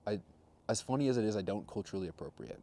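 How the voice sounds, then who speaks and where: A man in his twenties telling a rambling, self-mocking personal story in a casual vlog monologue, with deadpan jokes. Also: lowish voice, racing. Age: 20s. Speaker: vlogger.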